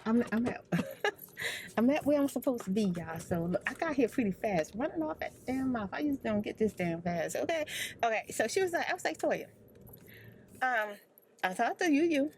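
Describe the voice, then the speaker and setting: Older woman, high and very lively voice, rambling story chat; complaining, repeats herself, acts out every line. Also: brisk, a little hiss or hum. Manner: animated, repetitive, complaining, acts out dialogue. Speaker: ASMR creator.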